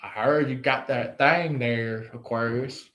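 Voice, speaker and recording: A man voicing a smug, scheming rival lover in a higher, twangy taunting voice. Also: steady tone, unhurried, a bit bright, reverberant, natural voice.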